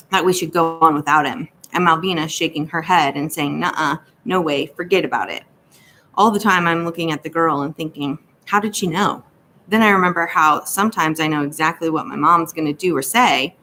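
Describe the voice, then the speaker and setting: Woman reading a kids novel out loud, kinda low voice, steady storytelling, faint hiss in the background. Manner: steady storytelling in a first-person boy's voice. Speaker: audiobook narrator. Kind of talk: scripted narration.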